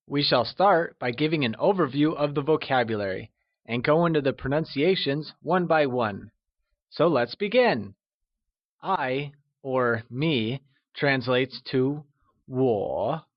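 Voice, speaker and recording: A man narrating a scripted language lesson, slow and encouraging, with deliberate explanations. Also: mid-range voice, no echo, muffled recording. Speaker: language teacher.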